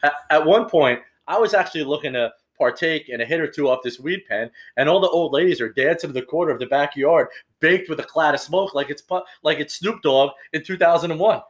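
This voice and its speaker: A man's voice: fairly high pitch, brisk, hardly any pauses. A man in his forties, a podcast co-host telling rambling, profane stories in casual chat. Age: 40s. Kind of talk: casual crude comedy chat.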